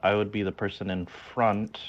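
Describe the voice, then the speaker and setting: Deep-voiced man with a dull lo-fi mic. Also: flat delivery, normal speed. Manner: hesitant, full of ums and uhs. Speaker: player. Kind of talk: tabletop game chat, describing his character's actions.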